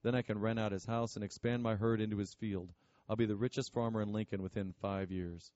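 A man's voice: lowish voice, fairly even intonation, a little fast, a little mellow, no room sound, muffled recording, lightly acted. A man doing an earnest, polite young farmer.

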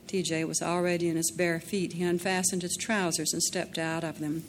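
A woman's voice: lowish voice, little pitch movement, normal speed, slight background noise. Woman narrating a dramatic audiobook.

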